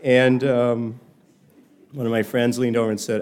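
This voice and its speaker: A man's voice: mid-range voice, flat delivery, moderate pace, a little mellow. An older man giving a reflective personal talk, telling stories in a thoughtful, digressive way.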